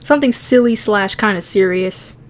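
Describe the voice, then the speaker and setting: Streaming her drawing session, a woman talks casually at a moderate pace in a medium-pitched voice. She laughs a lot and swears freely while poking fun at herself.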